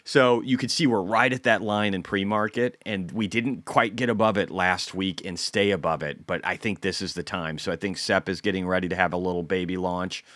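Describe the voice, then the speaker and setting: A man's voice: low voice, steady tone, fairly quick, few pauses, fairly bright tone, dry recording. Blunt, profane man hosting market commentary. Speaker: host.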